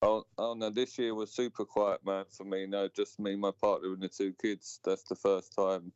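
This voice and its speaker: Man, low voice, smooth, casual stream chat, dry and dull sound. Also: little pitch movement, darkish tone, dry recording. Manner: laid-back, drawn-out fillers and "mate". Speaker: co-host of a live stream. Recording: dull, dry home recording.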